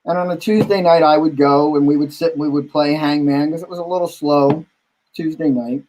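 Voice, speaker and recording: A man with a slightly higher voice spins lively nightlife anecdotes in a relaxed conversation. He keeps the chat casual and acts out the lines of the people in his stories as he goes. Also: brisk, a little hiss or hum, low-quality recording. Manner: animated anecdote-telling, acting out quotes. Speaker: bar owner and guest host.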